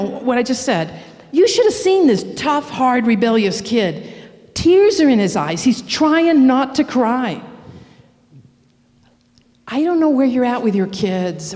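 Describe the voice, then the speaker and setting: A middle-aged woman shares a personal story from the pulpit, earnest and confessional. Her voice sits a little high but sounds mellow and soft-edged. The church hall adds a long, trailing reverb. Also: sing-song, a little slow. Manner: earnest, confessional, candid about her faults. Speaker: speaker at a prayer seminar.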